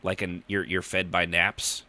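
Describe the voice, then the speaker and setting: A man's voice: low voice, level tone, unhurried, sharp tone. Jokey, rambling man hosting a chat show. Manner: jokey, rambling, mock-outraged. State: tired. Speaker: podcast host. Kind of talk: casual comedic chat.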